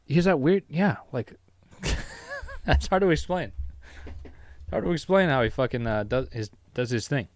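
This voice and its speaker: A man's voice: a little high, huge pitch swings, a little slow, long pauses, no room sound. Rambling, swearing guy in a dry basement. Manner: rambling, self-mocking, swears freely. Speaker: solo podcast host and YouTuber. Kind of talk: casual rambling solo podcast. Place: home basement.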